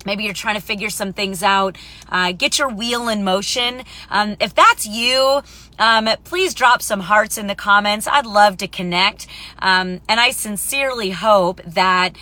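A woman's voice: mid-range voice, a little slow, bright, forceful tone. A woman in her thirties hosting a live stream, chatty and upbeat, rambling with many fillers and restarts. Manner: upbeat, greets viewers by name. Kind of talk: casual live-stream talk.

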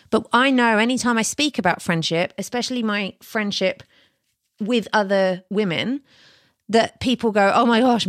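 Woman doing a solo podcast, earnest and chatty, dry close mic, middle pitch. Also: no room sound. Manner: earnest, conversational, with rhetorical questions. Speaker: podcast host. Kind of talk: reflective solo podcast talk.

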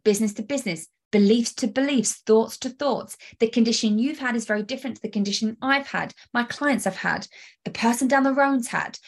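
Emphatic woman coaching podcast host. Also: on the high side. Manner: energetic, emphatic, direct address with rhetorical questions. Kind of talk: solo motivational podcast.

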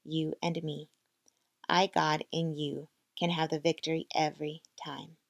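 A woman voicing a calm female mentor who speaks from hard experience, in a measured, earnest reading. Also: low voice, creaky, dry recording, studio quality.

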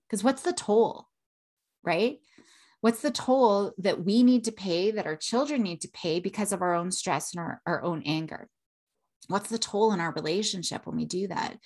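A woman in her thirties hosting a solo parenting podcast, earnest, with a habit of tagging "right?" onto her points. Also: mid-range voice. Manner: earnest, repeats "right?" often.

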